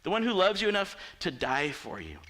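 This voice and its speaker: A male pastor delivers a casual, story-driven sermon with a lively, swooping delivery. His voice is bright and a little high, and he slips into asides and quick impressions of the people in his stories.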